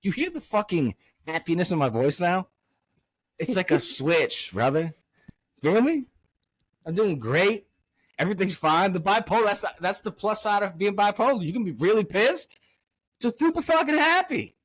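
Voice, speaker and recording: A man's voice: high-pitched, very animated, normal speed, no room sound. A man hosting a casual podcast, swearing constantly and swinging from angry rants to hyped cheer. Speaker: podcast host.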